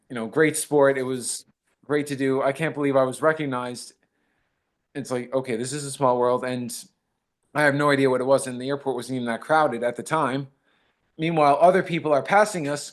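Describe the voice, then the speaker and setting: A man, an actor, talking modestly in a casual interview and retelling fan encounters with quoted dialogue. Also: medium pitch. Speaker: actor guest.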